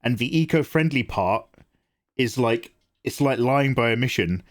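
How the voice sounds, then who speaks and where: A man's voice: medium pitch, animated, a little slow. Chatty man hosting a stream. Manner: chatty, self-deprecating, reads chat aloud. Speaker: art livestream host. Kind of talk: casual livestream chat.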